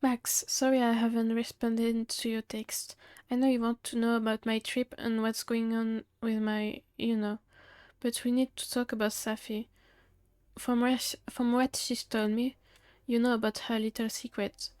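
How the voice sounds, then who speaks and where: A woman's voice: on the high side, little pitch movement, moderate pace, darkish tone, smooth, dry recording, clean studio sound. A woman streamer reading game dialogue aloud in a matter-of-fact way, with small asides of her own.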